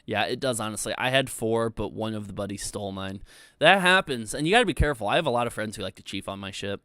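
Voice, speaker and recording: A man's voice: lowish voice, lively intonation, fast talker, sharp tone, no echo, studio quality. A young man hosting a casual livestream, rambling loosely and reading chat messages aloud with plenty of filler words. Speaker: livestream host.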